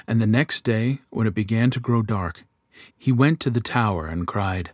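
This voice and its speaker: A man narrating a fairy tale in a slow, measured, even storytelling voice. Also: fairly low pitch, dry recording, studio quality.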